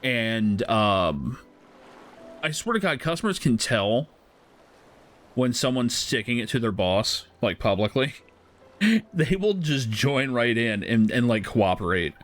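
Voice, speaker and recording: Animated man telling a story, laughing. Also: medium pitch, takes it slowly. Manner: animated, laughs often, swears casually. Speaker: streamer. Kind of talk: casual storytelling while gaming.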